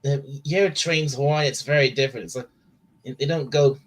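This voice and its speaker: Man, casual podcast talk, halting, repeats himself. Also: medium pitch, fairly even intonation, low-quality recording. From Britain. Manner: halting, repeats words and restarts often. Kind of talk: casual chat.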